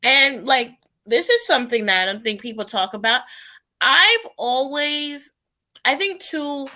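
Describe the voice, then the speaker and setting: Bright, high-voiced young woman from New York. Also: expressive, a little slow. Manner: reflective, thinks aloud with fillers and restarts. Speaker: guest. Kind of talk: casual conversation. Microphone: video call.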